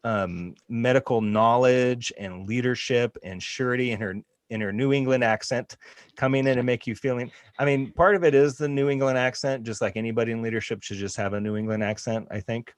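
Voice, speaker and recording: A man's voice: mid-range voice, steady tone, fairly quick, smooth, no room sound. A man, a school counselor hosting a school podcast, talking upbeat and joking with guests. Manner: upbeat, joking, talks to students. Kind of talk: casual podcast chat.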